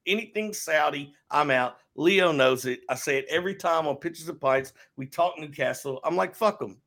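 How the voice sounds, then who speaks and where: Gravelly, bright-voiced profane man. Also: fairly high pitch. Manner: blunt and profane, quick rants. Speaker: podcast co-host. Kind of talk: casual chat.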